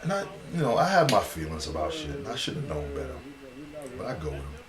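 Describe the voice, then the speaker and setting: Low-voiced animated New storyteller. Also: male voice, quick pace, reverberant, crowd noise. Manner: animated, laughs at own story, acts out voices. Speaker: comedian telling a story. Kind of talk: casual storytelling.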